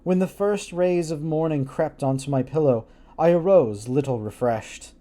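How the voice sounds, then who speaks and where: A man reading a gothic story aloud on a live stream, breaking off for animated, joking asides. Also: on the high side, normal speed.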